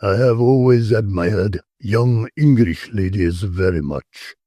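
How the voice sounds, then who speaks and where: A man voicing a huge, bold old Dutchman who speaks slowly, with a strong guttural accent. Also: lowish voice, warm tone, no echo, clean studio sound. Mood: leering. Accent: strong guttural foreign accent.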